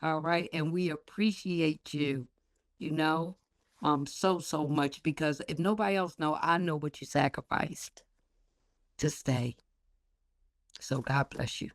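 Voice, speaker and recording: A woman's voice: deep voice, takes it slowly, no room sound. A woman pastor giving a heartfelt award tribute, emphatic and repetitive, with a preacher's lilt, speaking on a video call.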